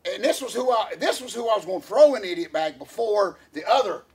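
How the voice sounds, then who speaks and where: A man co-hosting a casual podcast, his voice pitched high with a husky edge. He rambles and circles back, restarting his sentences and filling the gaps with "uh" as he goes. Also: animated, quick pace. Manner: rambling, many fillers and restarts, laughs often. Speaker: podcast co-host.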